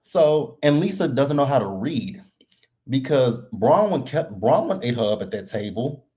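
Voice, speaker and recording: A man's voice: medium pitch, unhurried. A man hosting a live reality TV recap, talking casually and bluntly and laughing a lot. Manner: blunt, animated and laughing often.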